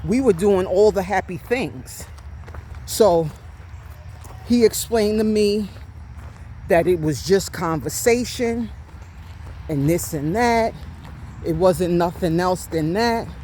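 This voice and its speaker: A woman's voice: on the low side, takes it slowly, long pauses, warm tone, slight background noise. A woman in her fifties telling a personal story while walking outdoors, slightly out of breath and confiding, often checking in with "right?". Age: 50s. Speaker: vlogger. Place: outdoors on a walk.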